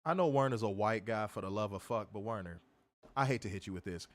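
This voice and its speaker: A man's voice: fairly low pitch, fast talker. A man co-hosting a wrestling review show, reading comments and ranting casually with plenty of profanity. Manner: animated, profane, laughing rants.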